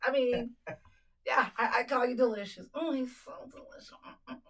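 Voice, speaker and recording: A woman co-hosting a podcast in casual, animated chat, teasing and laughing often. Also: on the high side, normal speed, far from the mic, poor audio. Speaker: podcast co-host.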